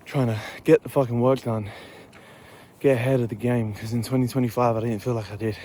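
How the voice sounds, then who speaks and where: A man's voice: mid-range voice, steady tone, brisk, warm tone, a little hiss or hum. A young man from Essex with an Essex English accent, talking casually and rambling to his vlog camera on an early morning walk outdoors, swearing freely. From Essex, England. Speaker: fitness vlogger.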